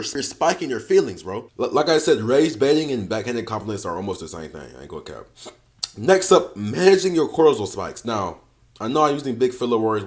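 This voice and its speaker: A man giving dating advice as a coach in a casual, slangy, profane monologue, often repeating phrases and calling the listener bro. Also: on the high side. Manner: slangy, profane, emphatic street talk.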